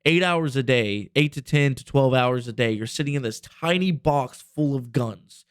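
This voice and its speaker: A man's voice: medium pitch, animated, moderate pace, dry recording, studio quality. A man in his twenties telling a rambling, profane story on a casual podcast. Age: 20s. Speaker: podcast host.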